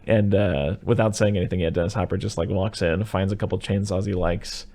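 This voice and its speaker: A man's voice: deep voice, steady tone, brisk, warm tone. A man hosting a podcast, rambling through movie recaps with lots of fillers in casual chat. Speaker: podcast host.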